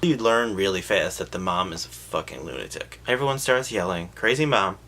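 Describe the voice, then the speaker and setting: A man giving a sarcastic, profane comedic recap of a film, jumping into quick voices for the characters. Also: sits low, expressive, bright, forceful tone, a little hiss or hum.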